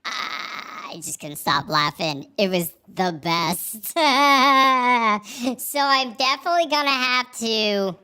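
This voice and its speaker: A man talking through a pitch-up voice effect, laughing and chatting casually in a vlog. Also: expressive, slow, few pauses, sharp tone, clear, resonant tone, full character voice. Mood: amused. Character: giggly pitched-up helium version of the host. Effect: pitch-shifted up by a voice effect button. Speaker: host.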